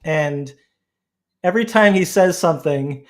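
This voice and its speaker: Man, podcast host, fairly high voice, laughing, telling stories. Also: measured pace. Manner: laughing, storytelling, relaxed. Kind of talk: casual chat.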